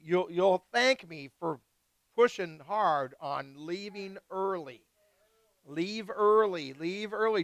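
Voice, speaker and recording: A man hosting a live wine tasting, chatting casually and excitedly with guests and swearing freely. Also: sits high, vocal fry, no echo. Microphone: live stream mic.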